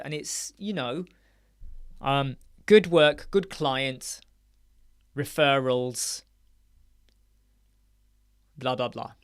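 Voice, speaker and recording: A man's voice: a bit bright, smooth. A man hosting a casual live-stream chat, answering viewers' questions in a chatty, blunt way. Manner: chatty and blunt, mimics people in a higher voice. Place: home studio.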